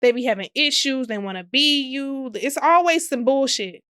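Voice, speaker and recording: A woman's voice: high voice, lively intonation, normal speed, fairly bright tone, clear, resonant tone. A young woman talks through her solo podcast, sassy and profane and laughing often. The sound is dry and close, with almost no room echo. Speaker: podcast host. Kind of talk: casual solo podcast monologue.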